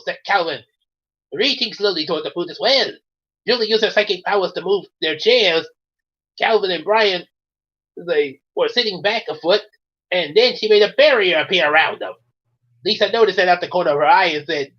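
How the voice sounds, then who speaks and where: A woman's voice: lowish voice, moderate pace, fairly bright tone, breathy edge. A woman reading a storybook aloud with chatty asides, laughing at her own voices. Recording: dull lo-fi audio.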